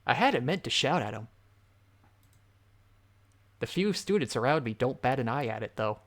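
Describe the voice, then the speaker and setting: A man's voice: medium pitch, animated, normal speed, a bit bright. A man streaming a game, reading its narration aloud in first person and bantering with friends. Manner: reads the game text aloud in first person, laughing between lines. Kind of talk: casual let's-play reading and banter.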